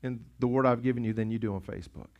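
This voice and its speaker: A man's voice: mid-range voice, fairly even intonation, rapid-fire, lo-fi sound. A man preaching a sermon as pastor, impassioned and urgent, often repeating himself for emphasis. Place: church sanctuary.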